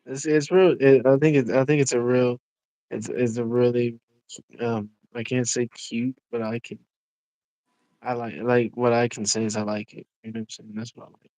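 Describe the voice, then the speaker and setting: A man's voice: medium pitch, little pitch movement, moderate pace, dark tone, dry recording, rough recording. Man in his own voice livestream co-host, rambling casual chat, dry close sound. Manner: rambling, filler-heavy, "you know what I'm saying".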